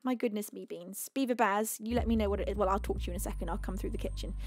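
A woman's voice: mid-range voice, rapid-fire, a little mellow, dry recording, clean studio sound. A woman hosting a live music stream, chatting casually and effusively thanking her viewers. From United Kingdom. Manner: effusive, affectionate.

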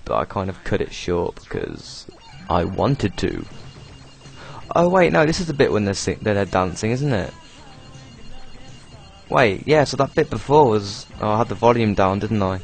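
A man's voice: lowish voice, very animated, moderate pace, creaky, soft background music. A young British man casually commenting over his own video, rambling, swearing and laughing as he goes. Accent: British English. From Britain. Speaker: video creator doing commentary.

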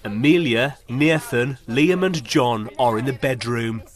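A man narrating a reality show in scripted, measured announcements. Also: medium pitch.

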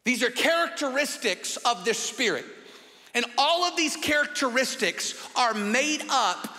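A man's voice: very high-pitched, animated, a little slow, sharp tone. A man pastor preaching a sermon emphatically, with long repetitions. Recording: long hall reverb.

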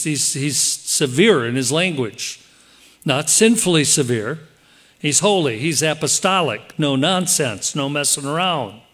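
A pastor preaching a sermon in church, lively and direct, slipping into quoted voices as he explains the text. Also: a little high. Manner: animated, acts out quoted voices.

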